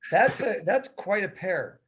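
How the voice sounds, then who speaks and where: A man hosting a casual interview over a video call, chatty and animated, loose with fillers. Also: high-pitched, measured pace. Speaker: podcast host.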